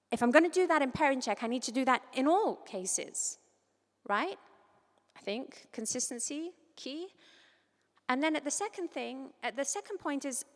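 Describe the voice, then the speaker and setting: A woman from Cyprus giving an academic conference talk, lively and informal, with quick asides and quoted voices. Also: a little high. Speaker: conference speaker. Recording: long reverb of a large hall.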